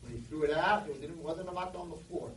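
A man giving an animated sermon to boys, telling stories, recorded in an echoey hall from a distance. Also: a little high, fast, a little hiss or hum. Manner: animated, storytelling. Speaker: speaker addressing boys.

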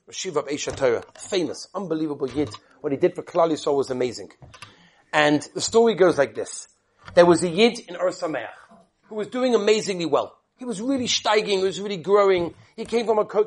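A man giving a storytelling talk to yeshiva students, acting out each character with lively shifts. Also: sits high, husky. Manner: animated storyteller who acts out each character.

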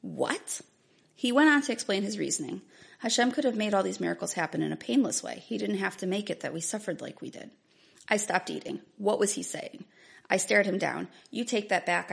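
A woman's voice: mid-range voice, lively intonation, a little fast, vocal fry. A woman in her thirties telling her own story earnestly and reading aloud from a book she wrote. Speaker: author sharing her story. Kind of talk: personal testimony with a book reading.

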